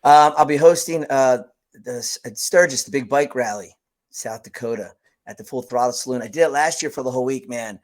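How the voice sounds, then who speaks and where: A man's voice: mid-range voice, brisk. A man guest on a podcast, talking casually and enthusiastically with slang about hosting festivals and radio. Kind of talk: casual interview chat.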